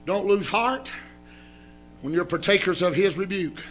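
A man preaching a sermon, telling a story and rising into fervent shouting. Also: high-pitched, expressive, a little slow, long pauses, soft background music.

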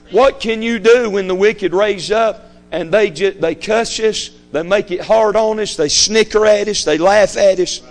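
A man preaching a fiery sermon, emphatic and repetitive, hammering his points home. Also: high voice. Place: church sanctuary.

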